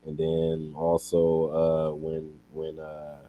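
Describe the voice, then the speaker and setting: A man's voice: extremely low pitch, completely flat delivery, slow pace, no echo, phone-quality sound. A man co-hosting a casual podcast, laid-back, laughing along and repeating his phrases. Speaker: podcast co-host.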